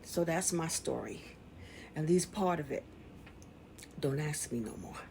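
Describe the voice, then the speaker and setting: A woman's voice: low-pitched, expressive, unhurried, creaky, a little mellow, slight background noise. A woman with a New York accent, talking to her viewers in an emotional personal vlog, angry and repeating herself. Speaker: vlogger.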